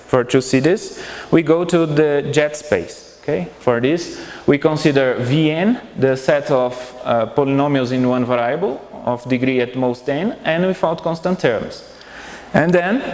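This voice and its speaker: Hesitant male lecturer in a reverberant hall. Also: fairly high pitch. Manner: halting, many fillers, keeps checking with "okay?". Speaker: conference speaker. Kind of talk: academic lecture. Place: university auditorium.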